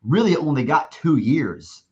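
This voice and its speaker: Very animated and on the high side, his voice keeps a measured pace, though the audio is dull. He's a stadium announcer guesting on a podcast, telling a long, rambling anecdote with frequent restarts and acted-out quotes.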